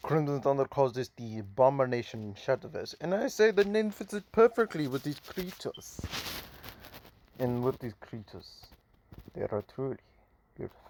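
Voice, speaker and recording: A man's voice: medium pitch, big pitch swings, a little mellow, slight background noise. Man putting on a boastful Russian superhero. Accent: put-on Russian. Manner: halting, boastful, restarts often. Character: mysterious boastful male Russian-accented superhero. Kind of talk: amateur voiced storytelling.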